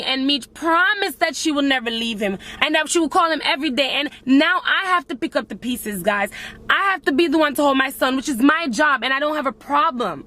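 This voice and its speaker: Young woman, emotional vlogger, slightly high voice, confessional and raw. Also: animated, brisk, pushed and bright. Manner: emotional, addresses viewers as guys. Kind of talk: emotional personal vlog.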